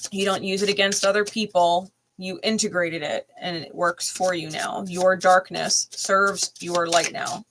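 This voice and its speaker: A woman's voice: fairly low pitch, fairly even intonation, a little slow, hardly any pauses, a bit bright, slight background noise. A woman hosting a live tarot reading who swears bluntly, laughs often and repeats phrases for emphasis. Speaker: tarot reader and channel host.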